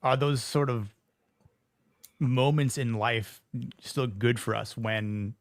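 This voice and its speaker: A man hosting a podcast speaks at an ordinary middle pitch and keeps stopping to restart his thoughts. His voice sits close and dry on the mic, with no room around it. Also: slow, dry recording. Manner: hesitant, many fillers and restarts. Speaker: podcast host. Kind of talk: casual discussion.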